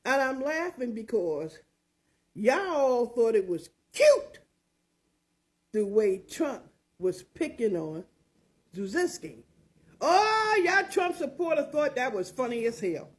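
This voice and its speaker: An older woman hosts her own opinion show and talks with sass and mockery, leaning hard on her words. Her voice sits high and swoops a lot. She takes her time, drawing each point out slowly. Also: very animated. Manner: sassy, mocking, emphatic, drawn-out. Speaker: commentary show host. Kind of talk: opinionated commentary.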